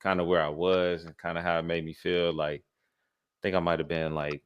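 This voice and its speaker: A man's voice: low voice, level tone, normal speed, clean tone, muffled recording. A young man in casual podcast chat who talks in a laid-back, hesitant, reflective way. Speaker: podcast co-host.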